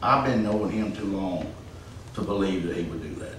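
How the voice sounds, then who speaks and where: A low-voiced council member answers in a calm, deliberate, reassuring way. He is heard from far away in a very echoey chamber, with faint background hiss. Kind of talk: measured reply at council meeting.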